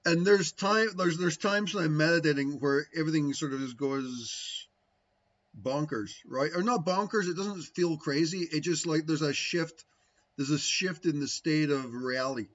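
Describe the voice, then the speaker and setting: A man's voice: on the high side, moderate pace, fairly bright tone, muffled recording. A man talking casually to his viewers about spiritual practice, rambling and tagging his points with "right?". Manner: rambling, frequent "right?" tags, musing. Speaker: spiritual teacher answering viewers. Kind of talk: casual livestream talk.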